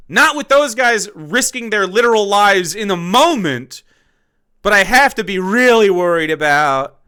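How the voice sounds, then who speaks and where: A man's voice: high voice, sharp tone, clean tone, no echo, clean studio sound. A man streaming and ranting about politics in a heated, profane, mocking way.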